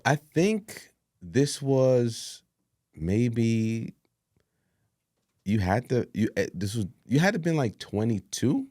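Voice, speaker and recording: A man spins a story in an interview, acting out the voices of everyone in it. His pitch leaps high and drops low as he talks. The sound is close and dry, with no room around it. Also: slow pace, long pauses, no echo. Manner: animated storyteller, acts out voices, laughs. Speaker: executive producer.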